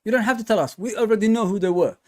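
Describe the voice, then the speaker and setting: Chatty football fan hosting a live stream. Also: male voice, high-pitched, racing, slight background noise. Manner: casual and chatty, with many fillers and repeats. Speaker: fan channel host.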